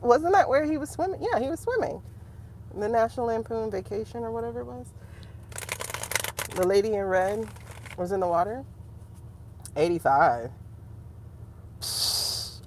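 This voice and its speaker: A woman hosts a relaxed livestream and reads tarot between stories. She chats straight to her viewers and laughs often, with a lively voice that swings high and low at a middle pitch. A faint background hum sits behind her. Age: adult. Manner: chatty, animated, laughs often, talks to the chat. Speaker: livestream host and tarot reader. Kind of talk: casual livestream chat.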